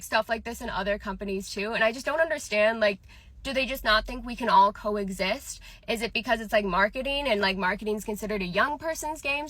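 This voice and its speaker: A woman's voice: fairly high pitch, sharp tone, no echo. A young woman telling a casual story about her workplace, chatty and full of "like". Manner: chatty, filler-heavy "like".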